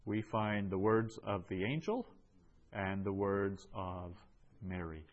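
Slow, low-voiced man teaching a class. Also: highs cut off. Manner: slow, measured, with many fillers. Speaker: Greek teacher. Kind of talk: classroom lesson, going over answers.

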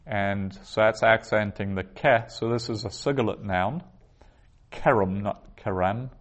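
Guy teaching a class, lowish voice, patient, sounds out hebrew words slow. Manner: patient, explanatory, pronounces Hebrew words slowly. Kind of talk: classroom lecture.

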